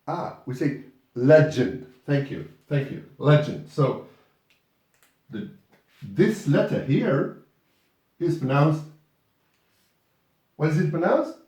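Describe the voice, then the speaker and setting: A male teacher leads a pronunciation lesson, speaking slowly and repeating each word patiently. His pitch is a little raised and swings widely. The sound is distant and very echoey, as if caught from across a classroom. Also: animated, dark tone. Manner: patient, repeats words for students. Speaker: English teacher.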